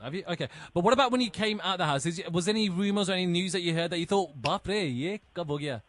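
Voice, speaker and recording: Brief: male radio host, friendly and brisk, fairly high voice, dry close mic. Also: a bit bright, no echo. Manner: friendly, brisk questioner, calls the guest "buddy". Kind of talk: radio interview.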